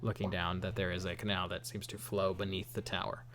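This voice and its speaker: Low-voiced man running a tabletop game. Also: slight background noise. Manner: relaxed, halting, many ums and laughs. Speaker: game master.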